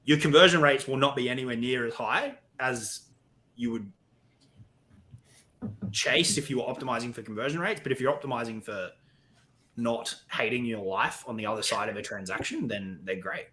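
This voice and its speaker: A man's voice: mid-range voice, moderate pace, sharp tone, a little hiss or hum. A man talking as a podcast guest in casual chat, blunt and swearing, often quoting himself.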